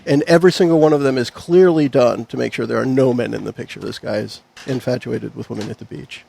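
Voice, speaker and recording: Gravelly-voiced male game master. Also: mid-range voice, fast talker, dark tone. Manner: laughs easily, loose and rambling. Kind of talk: narrating a tabletop game.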